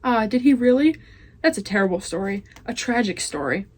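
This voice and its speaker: A scheming male rat villain from a storybook, silky and overly polite, as a teenage girl reads him. His voice sits higher and louder than the narration around it, every word courteous and calculating. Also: expressive, fairly quick. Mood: smooth, scheming. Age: teens.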